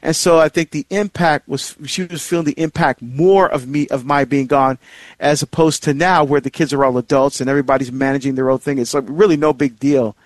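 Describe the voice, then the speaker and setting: A middle-aged man hosting a marriage series, telling a personal story in a rambling, conversational way, with many fillers and restarts and sharp jumps in pitch when he stresses a point. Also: steady tone, brisk, no room sound.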